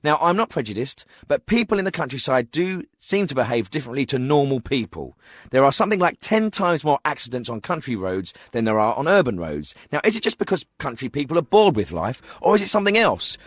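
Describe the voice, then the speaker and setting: An actor playing a tactless radio phone-in host, with a pompous, glib manner in a comedy phone-in. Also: male voice, mid-range voice, big pitch swings, fairly quick, husky, dry recording, clean studio sound. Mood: smug. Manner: pompous and glib, with offhand insults. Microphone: studio microphone.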